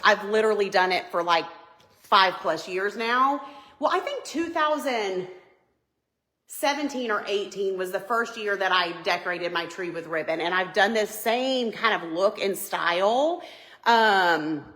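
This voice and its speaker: A woman's voice: mid-range voice, expressive, a little slow, bright, forceful tone, roomy sound, rough recording. A woman hosting a live Christmas decorating tutorial, chatty and upbeat, greeting viewers by name. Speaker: home decor livestream host. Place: home living room by a Christmas tree.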